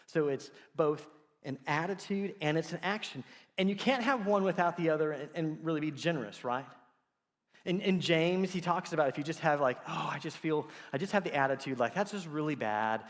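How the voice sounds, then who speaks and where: In a church sanctuary with a big-room sound, a middle-aged man delivers a sermon as pastor. He speaks fairly quickly in a fairly high voice, animatedly telling stories and performing the quotes he recounts.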